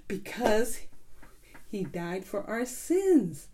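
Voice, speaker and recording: A woman's voice: medium pitch, very animated, slow pace, dark tone. A middle-aged woman teaching a children's Bible lesson in a coaxing, sing-song way, asking the listeners questions.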